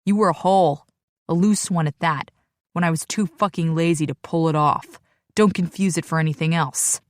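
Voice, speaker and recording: Woman narrator doing male biker, gruff, profane, commanding, dry close sound. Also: fairly high pitch, brisk, no echo, close to an everyday voice. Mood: angry. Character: gruff protective male biker, crude and blunt.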